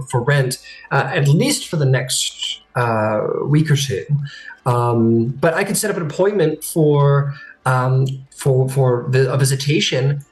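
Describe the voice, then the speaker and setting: A man's voice: mid-range voice, reverberant, natural voice, poor audio. A man voicing a flustered, hesitant woman clerk in a tabletop game, stammering politely. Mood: apologetic.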